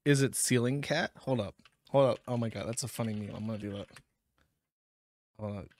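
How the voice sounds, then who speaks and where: A man's voice: lowish voice, brisk, darkish tone, dry recording. A man hosting a stream and giving casual, wry commentary over clips. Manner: dry, wry, rambling. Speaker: show host.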